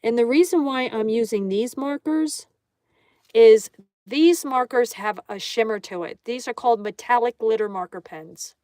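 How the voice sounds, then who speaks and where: A woman's voice: fairly high pitch, normal speed, darkish tone, smooth, no echo, studio quality. A woman hosting a live art stream in a casual way, reading viewer comments aloud and greeting each viewer. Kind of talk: casual live-stream chat while drawing.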